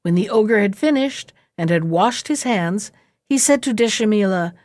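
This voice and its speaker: A woman reading a fairy tale aloud in a slow, measured storybook manner. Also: mid-range voice, expressive, a little mellow, no room sound, studio quality.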